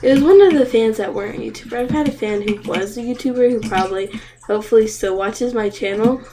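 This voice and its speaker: Young female streamer: high, unhurried voice, excitable outbursts, water noise behind. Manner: excitable, gasping and crying out at the game, then rambling. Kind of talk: live game stream commentary.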